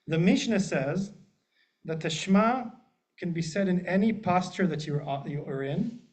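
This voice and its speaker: A man, a rabbi, teaching a group in a relaxed, joking way and often checking in with the room. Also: high voice, normal speed. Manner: chatty, jokey, asks the group often. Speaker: rabbi leading a class. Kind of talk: casual teaching with humor. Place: synagogue classroom with a group. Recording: muffled lo-fi room recording.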